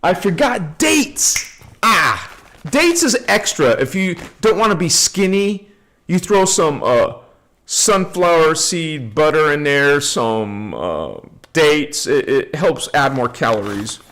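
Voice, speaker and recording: A man hosting a casual spiritual livestream, greeting viewers by name in a playful way and laughing often. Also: on the high side. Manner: relaxed and unhurried. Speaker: livestream host.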